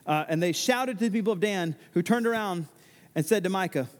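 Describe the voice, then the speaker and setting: Male pastor, sermon delivery, emphatic and exclaiming, high voice. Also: fairly quick, big-room sound.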